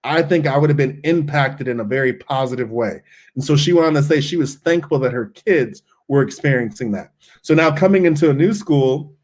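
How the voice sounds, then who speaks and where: A man's voice: medium pitch, darkish tone. A middle-aged man, a school principal, speaking earnestly in a podcast interview and often repeating words as he starts a thought.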